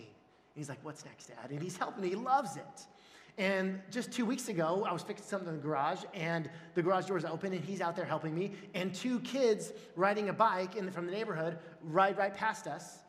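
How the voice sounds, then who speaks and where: A man preaching a sermon and telling stories with animated swings into loud, high exclamations. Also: a little fast. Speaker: pastor. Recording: echoey hall with long reverb.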